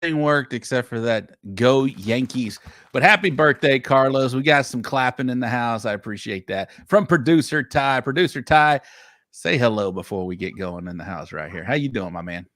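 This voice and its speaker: A man hosting a live online show, energetic and reading out viewer shout-outs. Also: medium pitch, a little fast, no echo, clean studio sound. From Texas. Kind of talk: live-stream chat.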